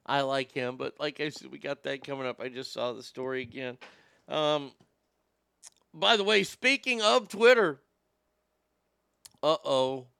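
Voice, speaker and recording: A man's voice: mid-range voice, unhurried, gravelly, long pauses, a bit bright, clean tone, no echo. A man hosting a crude, sarcastic political commentary show, swearing and mocking as he reads the news. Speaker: show host.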